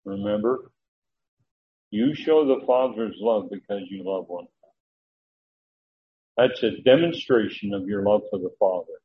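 A man's voice: on the low side, animated, measured pace, long pauses, narrow, tinny audio, slight background noise. A man teaching a Bible study, explaining Greek words and acting out the quoted dialogue, with some restarts and fillers as he checks his notes.

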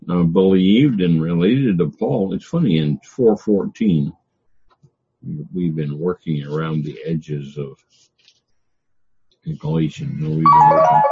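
A man teaching a Bible passage verse by verse, reading a line of scripture and then explaining it in his own words, pausing often on "uh". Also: sits low, mellow, husky, lo-fi sound. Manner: reads scripture then explains it, with frequent "uh" pauses.

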